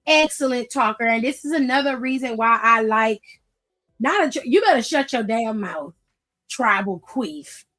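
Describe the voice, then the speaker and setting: A young woman with a high voice hosts a casual wrestling recap stream. She talks blunt and profane, animated and laughing easily, into a streaming mic. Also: moderate pace, faint music behind.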